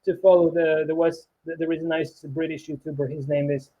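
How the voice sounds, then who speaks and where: A man from Ukraine speaking English in a casual chat, halting with many restarts and fillers. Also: fairly high pitch, level tone, dull audio. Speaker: programmer and YouTuber. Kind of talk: casual conversation.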